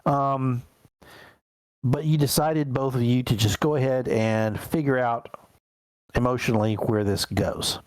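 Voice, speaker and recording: Slow, rambling male game master. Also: medium pitch, steady tone, dry recording, rough recording. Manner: rambling, with many fillers and restarts. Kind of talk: narrating a tabletop game.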